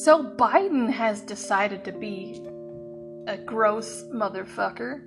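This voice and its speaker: A woman's voice: medium pitch, animated, slow, creaky, over music. Fired-up woman ranting on a podcast. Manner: heated, profane, swinging between yelling and laughing. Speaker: podcast host. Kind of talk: opinionated podcast rant. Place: at her workplace.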